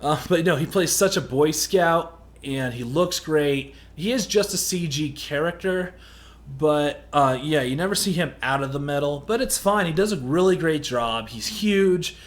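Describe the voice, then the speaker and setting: Casual male film reviewer, slightly high voice, rambling and candid. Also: lively intonation, measured pace.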